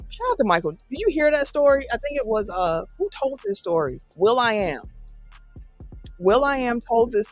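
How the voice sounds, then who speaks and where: Animated male podcast storyteller. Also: very high voice, moderate pace, no echo, soft background music. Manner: animated storyteller, acts out quoted voices. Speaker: podcast co-host. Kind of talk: casual chat.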